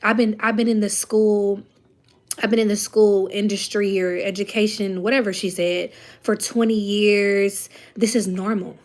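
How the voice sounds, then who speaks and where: A woman's voice: medium pitch, fairly even intonation, unhurried, a little mellow. A mother vlogging in casual chat, talking straight to her viewers and telling a story with growing heat. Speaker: parent.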